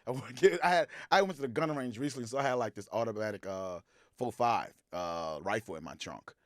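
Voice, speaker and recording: A man telling a story as a podcast guest, animated, acting out quoted lines loudly and laughing as he goes. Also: mid-range voice, fairly quick, dry recording, studio quality. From Texas. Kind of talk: casual storytelling. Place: podcast studio.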